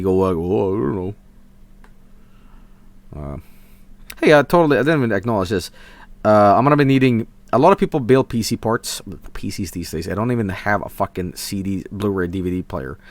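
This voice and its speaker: A young Swedish man with a Swedish accent, chatting casually on a live stream, excitable and profane, swinging from mumbles to shouts. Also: lowish voice, no echo. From Sweden.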